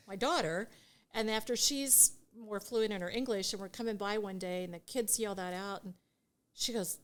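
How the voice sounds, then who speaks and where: A middle-aged woman, a guest on a podcast, telling a story in lively, casual chat with frequent laughter and acted-out dialogue. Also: medium pitch, moderate pace. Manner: animated storyteller who laughs often and acts out dialogue. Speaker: guest, divorce mediation attorney.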